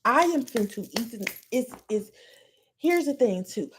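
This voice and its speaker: A woman's voice: fairly high pitch, expressive, unhurried, a little hiss or hum. A woman podcast host on a live stream, ranting in a heated, profane way.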